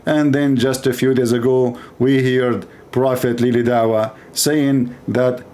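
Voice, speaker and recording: A man's voice: mid-range voice, flat delivery, a little slow, darkish tone. A man giving sarcastic commentary as a religious debater, mocking and plain-spoken.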